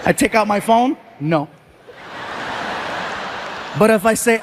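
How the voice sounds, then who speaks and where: High-voiced man doing stand-up. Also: normal speed, long pauses, noisy background. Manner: animated storytelling with shouted voice impressions. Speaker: stand-up comedian. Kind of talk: stand-up comedy routine. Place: stage before a live audience.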